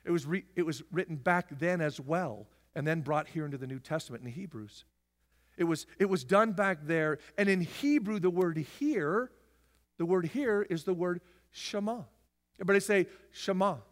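A man preaching a sermon as pastor, emphatic and repetitive, rising to shouts and dropping into jokey asides. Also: a little high, moderate pace. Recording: long hall reverb.

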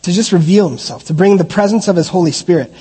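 A middle-aged man preaching a sermon, swinging from loud animated preaching to relaxed storytelling full of restarts. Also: sits high, fast talker, slightly rough, big-room sound. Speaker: pastor.

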